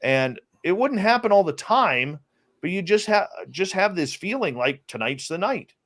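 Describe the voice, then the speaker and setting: A man's voice: high-pitched, moderate pace. Man telling a story in casual chat. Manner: animated storyteller with many restarts. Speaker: interview guest, radio host.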